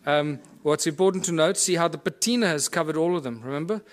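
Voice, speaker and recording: Talking fast in a highish voice, a man presents a conference lecture, pointing out and explaining details to listeners during a demonstration. The room on the recording is echoey.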